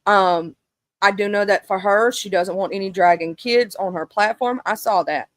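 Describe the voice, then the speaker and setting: A woman hosting a casual livestream gossip chat, animated and talkative, breaking into sudden high exclamations. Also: moderate pace, no room sound. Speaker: livestream host.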